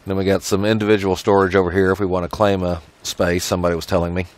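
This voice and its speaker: A man's voice: low-pitched, little pitch movement, fast. A man hosting a casual game tour, asking easygoing questions and chuckling along. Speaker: video host.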